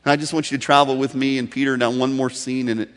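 Pastor guy preaching, dramatic, loud then hushed, long hall echo. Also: medium pitch, flat delivery, quick pace. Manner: dramatic, swinging between urgent emphasis and hushed drops. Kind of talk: sermon storytelling.

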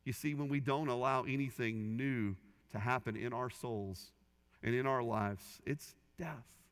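Pastor preaching in a reverberant hall. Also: male voice, medium pitch, a little slow. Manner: earnest storytelling with quoted voices, rising and falling in intensity. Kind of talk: sermon.

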